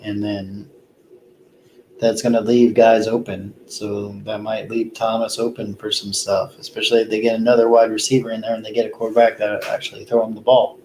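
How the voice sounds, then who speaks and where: A man hosting a solo fantasy football show, talking casually and rambling with plenty of pauses, tired after a long day. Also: on the low side, little pitch movement, darkish tone, slight background noise, poor audio. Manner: rambling, lots of ums and restarts, easygoing. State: tired, yawning. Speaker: fantasy football podcast host.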